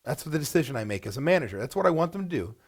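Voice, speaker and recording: A man presenting a business webinar to restaurant owners, blunt and animated, firing off rhetorical questions. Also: on the high side, rapid-fire, breathy edge.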